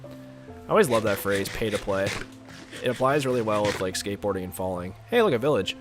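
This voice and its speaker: With music playing behind him, this young game streamer keeps up a rambling, filler-laden chat with viewers. He talks fairly fast in a lowish, animated voice that sounds slightly congested.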